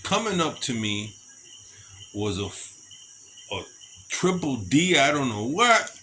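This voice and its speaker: A man tells a loose, animated personal story and slips into other people's voices as he goes. His voice is bright and forceful, mid-pitched. Faint crickets chirp in the night air behind him. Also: slow pace, long pauses, a little hiss or hum. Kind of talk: casual storytelling.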